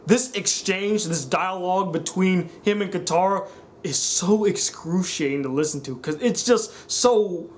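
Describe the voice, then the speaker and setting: A young man with a high voice rants about a film he disliked. His tone is sarcastic and exasperated, and he mocks the characters' lines in put-on voices. A faint hiss sits under his voice. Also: unhurried. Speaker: film reviewer. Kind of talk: ranting film review.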